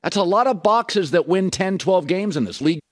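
A man's voice: high-pitched, expressive, normal speed. A man giving emphatic, opinionated football commentary, ticking through points in a list, played as a clip from another show. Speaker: sports talk host. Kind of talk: sports radio commentary.

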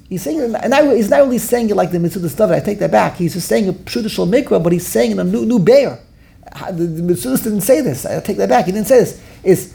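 A man teaching a Talmud class, animated and exclamatory, full of rhetorical questions. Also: high voice, quick pace, gravelly.

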